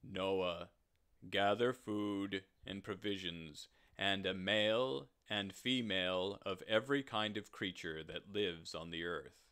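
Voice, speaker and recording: A man voicing God as a grave, commanding presence, speaking low and measured. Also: fairly bright tone, smooth, full character voice. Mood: solemn. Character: solemn, commanding male voice of God.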